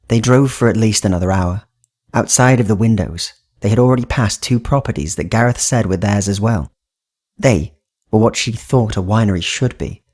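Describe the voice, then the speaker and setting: A man reading a horror audiobook as narrator, in steady, even storytelling. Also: on the low side. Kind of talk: scripted narration.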